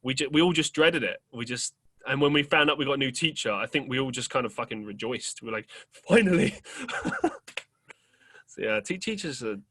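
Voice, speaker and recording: A man's voice: mid-range voice, lively intonation, moderate pace, bright, forceful tone, breathy edge. A young man hosting a podcast, telling a rambling story in casual chat, full of fillers and casual swearing. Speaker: podcast host.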